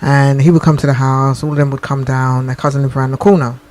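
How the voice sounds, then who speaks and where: A woman's voice: a bass voice, flat delivery, fast talker, a little mellow. A woman co-hosting a radio talk show, making her points emphatically and checking that she is understood. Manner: emphatic, repeats points and asks "do you understand?". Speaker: co-host.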